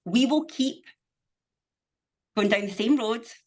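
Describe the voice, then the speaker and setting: A woman's voice: fairly high pitch, takes it slowly, darkish tone. A middle-aged woman, speaking as a podcast guest in casual conversation, emphatic and motivational, swearing freely. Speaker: podcast guest, business owner.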